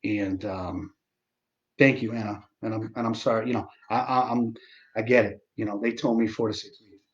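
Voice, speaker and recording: A man's voice: lowish voice, fairly even intonation, dull audio. Sarcastic, swearing man in his forties. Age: 40s. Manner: sarcastic, profane, halting with many fillers. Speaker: livestream host. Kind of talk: casual livestream chat.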